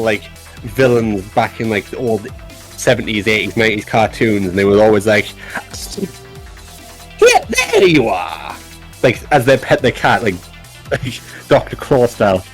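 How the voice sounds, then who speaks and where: A game developer who also does amateur voice acting chats casually on a stream, animated and self-deprecating, laughing often. His voice sits at medium pitch and normal speed, with faint music in the background.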